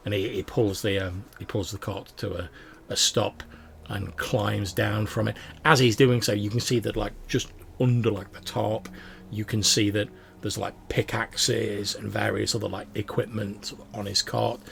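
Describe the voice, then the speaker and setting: A man's voice: fairly low pitch, level tone, moderate pace, creaky, fairly bright tone, a little hiss or hum. A man running a tabletop game as game master, narrating casually with many fillers.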